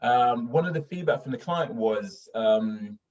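With lively intonation and a darkish tone, this mid-range male voice moves a little slowly. He is a young adult voice actor from northern England, well-spoken in accent, sharing casual stories in an interview marked by fillers and false starts. The recording is dull and distant.

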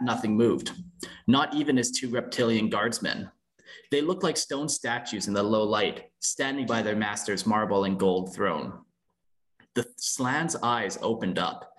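A young man hosting a laid-back podcast, reading fan fiction aloud. He curses freely and stumbles here and there, with a middle-of-the-road pitch. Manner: loose and profane, stumbles when reading. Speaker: podcast host.

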